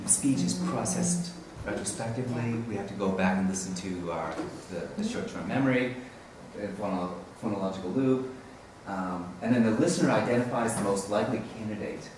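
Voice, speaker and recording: A man's voice: lowish voice, fairly quick, hardly any pauses. A man presenting at a teaching conference in a casual, rambling way, often correcting himself. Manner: rambling, self-correcting, chuckling. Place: conference room. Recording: roomy, distant mic with faint hiss.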